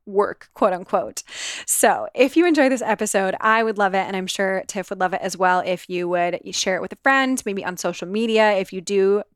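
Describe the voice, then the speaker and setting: A bubbly woman podcast host chatting casually, laughing often and swearing freely. Her voice sits at a middle pitch and sounds close and dry, with no room around it. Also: moderate pace, clean tone, no echo.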